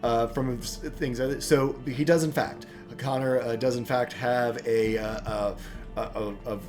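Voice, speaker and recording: Rambling American game master. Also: male voice, medium pitch, steady tone, a little slow, darkish tone, faint music behind. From United States. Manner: rambling, filler-heavy storytelling. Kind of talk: narrating a tabletop game.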